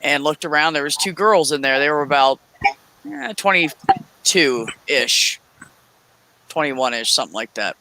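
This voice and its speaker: A woman's voice: low-pitched, expressive, measured pace, pauses often, bright, forceful tone, no room sound, poor audio. A woman in her forties casually telling a heated story, swearing often and acting out quoted dialogue. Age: 40s. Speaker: streamer.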